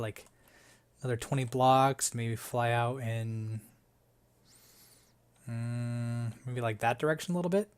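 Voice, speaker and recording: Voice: medium pitch, darkish tone. A let's-play host giving casual gameplay commentary, thinking aloud, talking to the game and its items, with playful self-mocking asides.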